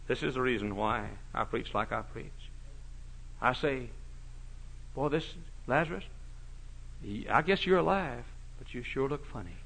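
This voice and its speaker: A man preaching a sermon, folksy and mocking, swinging from shouts to hushed asides. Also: medium pitch, animated, a little slow, pauses often, husky. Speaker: pastor.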